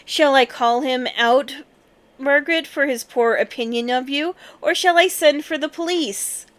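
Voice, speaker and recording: A man's voice: very high voice, measured pace, fairly bright tone, dry recording, voice pushed up. A woman voicing a grown clergyman who teases children in a mock-formal, ironic way. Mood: teasing. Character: teasing grown clergyman, dryly humorous.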